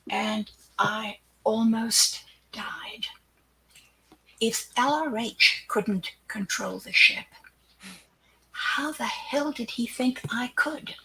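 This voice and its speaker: An older woman, a guest in an interview, telling a personal story with animation. She acts out the quoted dialogue and sometimes drops into a hushed aside. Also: on the high side, very slow, vocal fry, poor audio.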